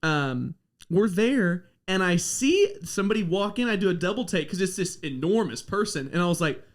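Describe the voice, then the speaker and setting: High-voiced man telling a rambling story. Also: lively intonation, normal speed. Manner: rambling, filler-heavy storytelling with lots of "like". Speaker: podcast host. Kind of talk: casual storytelling chat.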